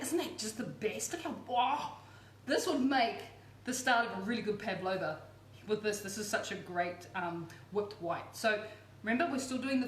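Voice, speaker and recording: A woman's voice: fairly high pitch, a little hiss or hum. Chatty woman cooking host, roomy kitchen. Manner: chatty, enthusiastic, playful asides. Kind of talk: cooking demonstration.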